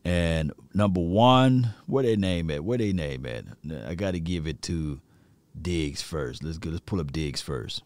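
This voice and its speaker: A man hosting a sports stream, telling slangy, excitable stories and laughing often. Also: deep voice, a little slow, no echo. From rural area. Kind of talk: animated sports talk.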